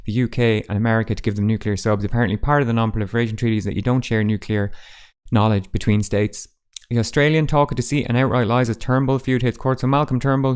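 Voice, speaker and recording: A man's voice: mid-range voice, clean tone. A man hosting a casual roundup of newspaper front pages, with dry, sarcastic asides. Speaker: host.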